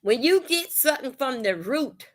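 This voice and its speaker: Woman, livestream host, profane, animated, a bit high-pitched. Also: normal speed. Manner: blunt, profane, animated storytelling. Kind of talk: casual livestream rant. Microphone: phone or webcam on livestream.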